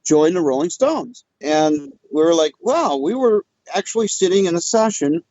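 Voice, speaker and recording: A man's voice: a little high, animated, normal speed, mellow, no echo, highs cut off. A man telling loose, rambling anecdotes as a guest in a casual podcast chat. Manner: rambling, loose, with frequent fillers. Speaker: guest storyteller.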